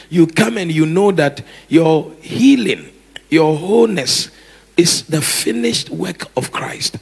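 A man preaches with a husky, gravelly voice set fairly high. He is animated, acting out little scenes with sudden shouts and bursts of laughter. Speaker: pastor. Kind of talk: sermon.

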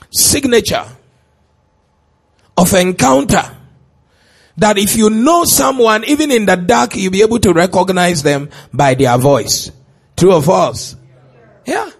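In a church, a man with a high, slightly rough voice preaches a sermon. He stretches out shouted lines for emphasis and puts questions to the congregation.

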